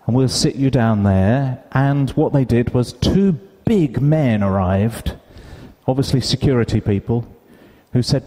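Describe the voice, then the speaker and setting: A man from the UK giving a conference talk, an animated storyteller who acts out the dialogue in his anecdotes. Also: medium pitch. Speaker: conference speaker. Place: large conference hall. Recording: hall reverb, live stage sound.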